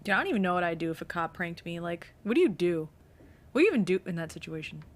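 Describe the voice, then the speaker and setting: Chatty, excitable young woman streamer. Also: on the low side, quick pace, a little hiss or hum. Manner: excitable and chatty, talks to chat. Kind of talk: casual live-stream commentary.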